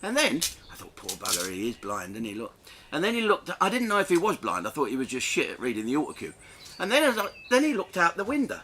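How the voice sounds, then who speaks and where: A middle-aged man telling a crude, self-mocking anecdote in an animated way, laughing between lines. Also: fairly high pitch, quick pace, slight background noise. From England. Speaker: comedian telling a story. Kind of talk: storytelling anecdote.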